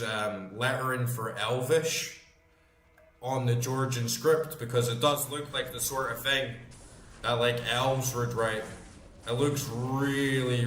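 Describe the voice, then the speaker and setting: A man's voice: medium pitch, a bit bright. A man in his thirties, a gaming channel host, chatting casually while playing, rambling with lots of fillers and swearing freely. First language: English. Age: 30s. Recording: roomy echo, faint background noise.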